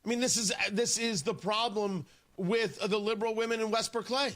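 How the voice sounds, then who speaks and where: A man's voice: high-pitched, fairly even intonation, fairly quick, a bit bright. A male radio talk show host delivering a combative, sarcastic opinion monologue.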